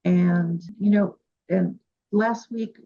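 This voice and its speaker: A woman's voice: lowish voice, steady tone, slow pace, vocal fry, mellow. A woman from Cuba hosting a radio interview, telling heartfelt stories in a casual, earnest way. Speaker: radio show host. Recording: dull lo-fi recording.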